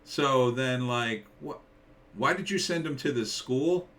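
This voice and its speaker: A man's voice: mid-range voice, takes it slowly, fairly bright tone, far from the mic. A man, a screenwriter, ranting casually about a movie trailer, rambling and incredulous with lots of filler words.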